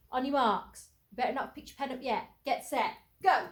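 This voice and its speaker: A woman's voice: sits high, moderate pace, few pauses. A woman teacher, giving a phonics lesson and sounding out letters in an encouraging way. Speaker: primary school teacher. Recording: echoey room, faint background noise.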